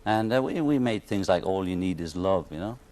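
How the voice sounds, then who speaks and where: A man's voice: sits low, animated, fairly quick, darkish tone. A man from Liverpool with a Liverpool accent, a musician guest joking wryly on a television interview. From Liverpool, England. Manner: wry, joking, laughs often.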